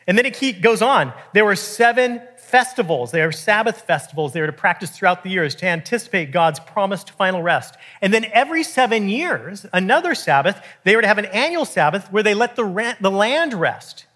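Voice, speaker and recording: A man, preaching a sermon in a conversational, animated way with frequent restarts. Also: sits high, fairly quick, hardly any pauses. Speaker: pastor.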